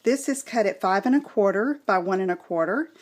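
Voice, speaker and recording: A woman hosting a craft tutorial, gently explaining each step as she works. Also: medium pitch, animated, a little fast.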